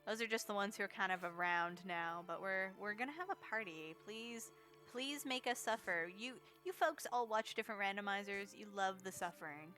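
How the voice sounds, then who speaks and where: A woman's voice: mid-range voice, brisk, hardly any pauses, sharp tone, soft background music. A woman streamer giving chatty, casual commentary as she plays a game for a charity marathon, reacting to chat and laughing often.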